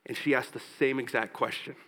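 A man's voice: steady tone, a bit bright. Earnest man preaching a sermon, medium voice, reverb of a large church hall. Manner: earnest, rises in pitch and force when exhorting; slows down for scripture and tender points. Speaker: pastor.

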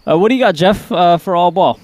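Male podcast co-host, North Jersey accent, a touch high, self-deprecating and chatty. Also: a little fast, darkish tone. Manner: self-deprecating, laughs often, repeats words. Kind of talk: casual chat.

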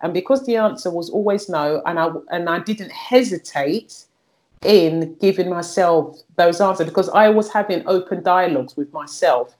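Here a middle-aged woman, the guest, gives a candid personal account of her life, speaking frankly and earthily and often repeating words as she looks for them. Her voice is fairly low and a little mellow, at a moderate pace.

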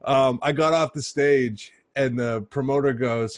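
A man's voice: medium pitch, fairly even intonation, unhurried. A man, a stand-up comedian, telling a crude joking story in casual chat, laughing often.

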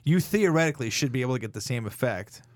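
A man's voice: medium pitch, lively intonation, fast, no room sound, studio quality. A man co-hosting a casual podcast, telling joking stories. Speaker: podcast co-host. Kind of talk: casual chat.

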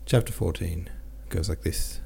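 A man with a deep, gravelly voice reads a novel chapter aloud for his podcast. His tone is dark and mellow, and he slips into easy, chatty asides between passages. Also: a little slow. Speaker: podcast host and reader. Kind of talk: audiobook reading with listener comments.

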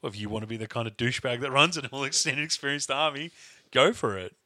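Casting: young male podcast host, very bright forward voice, loose rambling banter. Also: medium pitch, fast. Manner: rambling, laughs often, swears casually. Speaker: podcast co-host and event organiser. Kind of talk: casual chat.

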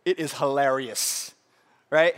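A man preaching a sermon in a church hall, peppering it with "right?" and swinging between shouted lines and hushed asides. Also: medium pitch, slow. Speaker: pastor.

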